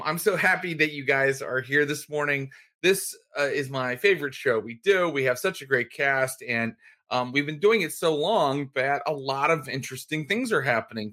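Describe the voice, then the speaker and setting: A man's voice: medium pitch, pushed and bright. A man hosting and recapping a tabletop vampire game as storyteller, chatty with many fillers. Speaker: storyteller, host.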